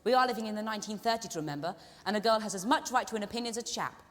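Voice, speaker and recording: A woman's voice: mid-range voice, rapid-fire, lightly acted. A woman playing a proper, sensible schoolboy. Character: sensible eldest boy, proper and fair-minded. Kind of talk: stage musical acting. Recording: live theatre sound with hall reverb.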